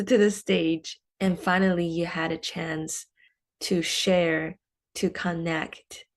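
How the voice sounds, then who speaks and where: Woman host, supportive, sums up her guest's story, lots of mm-hmms. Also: lowish voice. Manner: supportive, quick restatements with soft affirming murmurs. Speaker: interviewer. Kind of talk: casual interview chat.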